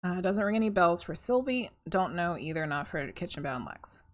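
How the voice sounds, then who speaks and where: A woman psychic medium giving a live-stream tarot reading, reading chat aloud and thinking out loud with a chatty, soft-spoken manner. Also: on the low side, lively intonation, moderate pace.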